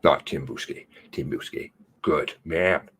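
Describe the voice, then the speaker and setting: Furious husky man ranting. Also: rumbling low, measured pace. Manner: furious ranting, swearing, swinging from shouts to hushed mutters. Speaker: channel host. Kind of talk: angry commentary reading a news release.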